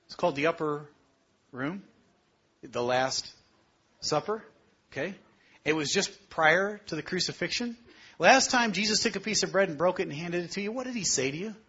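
A man preaching a sermon. He asks the congregation direct questions, climbs to emphatic peaks and then drops low and quiet. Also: animated, normal speed, long pauses, breathy edge. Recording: dull lo-fi sermon recording.

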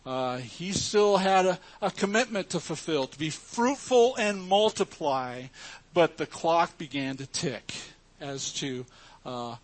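A man's voice: on the high side, animated, slow. A man preaching a sermon to his congregation, emphatic and earnest as he teaches from scripture. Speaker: pastor.

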